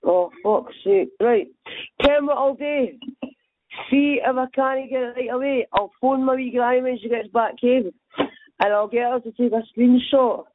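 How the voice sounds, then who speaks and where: A man's voice: very high voice, normal speed, no room sound. A man voicing a chaotic, swearing Scottish woman who rambles and gets flustered on a phone call. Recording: tinny phone line.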